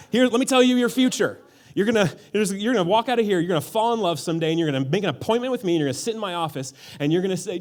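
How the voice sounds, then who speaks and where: Young male pastor, lively sermon delivery, swinging melody, light on his feet with comic bits. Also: high-pitched, quick pace. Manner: playful, animated, acts out quotes in funny voices. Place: church auditorium.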